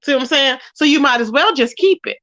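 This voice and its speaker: A woman doing casual gossip commentary in a sassy, animated way, greeting her chat viewers. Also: sits high, fast talker, no echo, muffled recording. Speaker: commentary vlogger.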